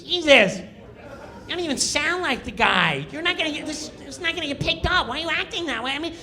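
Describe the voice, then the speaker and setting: A shrill, whiny male comedian, nitpicking and needling a castmate nonstop, as a man puts him on mid-story. The voice jumps high and bright, lively and swooping with disbelief. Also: fairly quick, full character voice. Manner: needling, high-pitched, incredulous.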